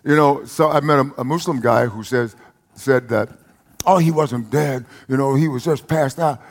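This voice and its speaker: A man with an East Texas accent preaching a lively sermon, with folksy humor and emphatic repetition. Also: medium pitch, normal speed.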